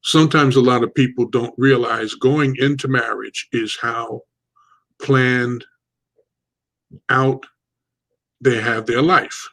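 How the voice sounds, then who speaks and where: A man hosts a casual online talk show with a gravelly, creaky voice. He talks in a loose, rambling way, often pausing on fillers and restarting his sentences. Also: mid-range voice. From United States. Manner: relaxed, rambling, with fillers and repeats.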